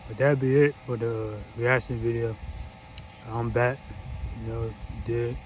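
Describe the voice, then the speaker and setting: A man's voice: mid-range voice, steady tone, measured pace, a little hiss or hum, low-quality recording. A man hosting a casual reaction vlog, laid-back and slangy, laughing often. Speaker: reaction channel host.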